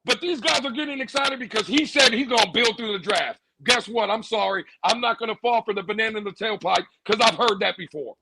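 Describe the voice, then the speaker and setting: High-pitched man, sarcastic sports rant, hissy noisy remote audio. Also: a little fast, creaky, few pauses. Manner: sarcastic, ranting, repeats for emphasis. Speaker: podcast co-host. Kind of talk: heated sports commentary.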